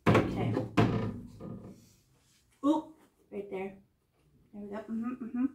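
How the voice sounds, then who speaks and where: An art teacher with a high-sitting voice leads a children's painting lesson, chatty and animated. Speaking a little slowly and pausing often, she narrates her brushstrokes with sound effects and sing-song noises.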